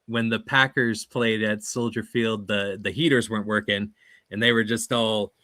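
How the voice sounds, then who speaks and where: A man's voice: fairly low pitch, fairly even intonation, normal speed, sharp tone, dry recording. A man hosting a casual interview, hesitant and laughing often between his questions and stories. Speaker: host, interviewer.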